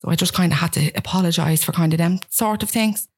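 A woman's voice: on the low side, breathy edge. A young woman with a Dublin Irish accent, telling her own story as a guest in a candid, self-mocking way and acting out what people said. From Ireland. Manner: rapid, frank, self-mocking, acts out quotes.

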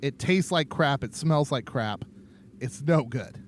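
A man's voice: mid-range voice, unhurried, slight background noise. A man co-hosting a podcast in casual chat, jokey and playful, laughing often. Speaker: podcast co-host.

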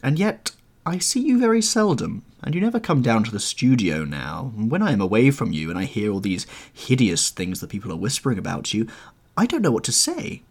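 A man's voice: lowish voice, big pitch swings, fairly quick, gravelly, a little mellow, breathy edge, voice pushed up, heavily acted. A man voicing an earnest, pleading painter. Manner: earnest and pleading, rising in urgency. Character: grave, earnest male painter, anxious friend. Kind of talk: audiobook character reading.

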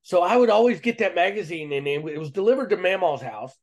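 A man's voice: high voice, animated, fast, darkish tone. A man, a guest on a podcast interview, telling a personal story in a casual, earnest and slangy way with frequent restarts.

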